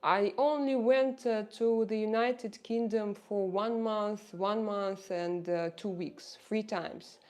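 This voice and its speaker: A woman's voice: mid-range voice, fairly even intonation, takes it slowly, few pauses, darkish tone. A woman in her forties with a Russian accent, talking casually to her livestream viewers, hesitating often with fillers and restarts. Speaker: livestream host.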